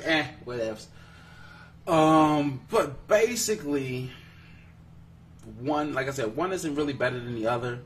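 A man's voice: mid-range voice, recorded from a distance, a little hiss or hum. Laughing, teasing male podcast host. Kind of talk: casual chat.

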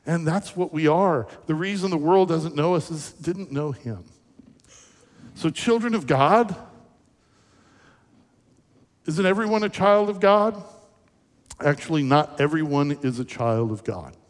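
Brief: male pastor, conversational and animated, in a reverberant hall. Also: a little high, normal speed. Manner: animated, conversational storytelling with questions to the audience. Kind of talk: sermon.

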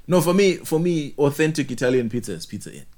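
A young man, chatting casually, animated and joking, full of slang and repeated words. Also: fairly high pitch, fast talker. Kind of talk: casual chat.

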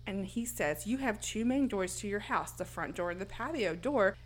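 A woman's voice: mid-range voice, normal speed, slight background noise. A woman casually retelling a horror movie scene, acting out the lines and laughing often. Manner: animated storytelling, acts out quotes, laughs often. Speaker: podcast co-host. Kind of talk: casual movie recap chat.

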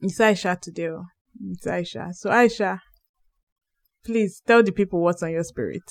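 A young woman co-hosting a podcast, chatting in a lively, playful way with emphatic bursts. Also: fairly low pitch, moderate pace. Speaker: podcast co-host. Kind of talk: casual podcast chat.

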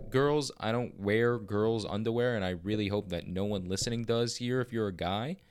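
A man in his twenties hosting a podcast, talking in a blunt, profane, rambling rant. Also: fairly low pitch. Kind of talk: casual ranting monologue.

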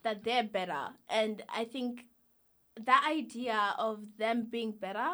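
A woman's voice: a little high, slow. A young woman, a university student, chatting casually and acting out what other people say. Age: young adult. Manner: animated storytelling, acts out quoted people. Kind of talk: casual chat.

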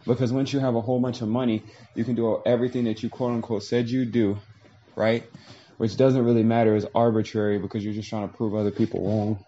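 A man's voice: lowish voice, little pitch movement, fast, warm tone, highs cut off, slight background noise. A man talking through a long, reflective monologue, casual and profane, acting out little voices as he tells a story.

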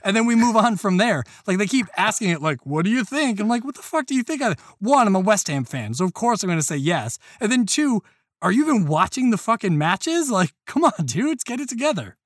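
High-voiced exasperated man, dry sound. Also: brisk, no room sound. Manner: exasperated, animated, swearing. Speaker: podcast co-host. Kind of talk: casual podcast chat.

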